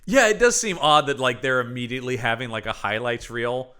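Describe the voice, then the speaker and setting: A man's voice: mid-range voice, brisk, pushed and bright, smooth. A man co-hosting a podcast, chatting casually and jokingly, swearing freely as he rants. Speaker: podcast co-host.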